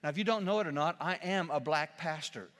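A man, a pastor, preaching a sermon in a church, telling a humorous story with lively, shouted quotes. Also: on the high side, a little fast, in a large hall.

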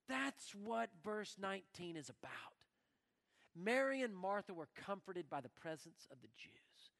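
A man preaching a sermon as pastor in a church, animated and acting out the prayers he quotes. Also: high voice, measured pace, creaky. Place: church sanctuary. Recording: long reverb of a church hall.

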